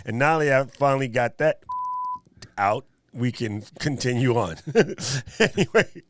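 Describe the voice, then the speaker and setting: A man's voice: medium pitch, lively intonation, measured pace, slight background noise. Joking man hosting a live stream. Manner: joking, playful banter with chat. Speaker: livestream host. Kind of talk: casual livestream chat.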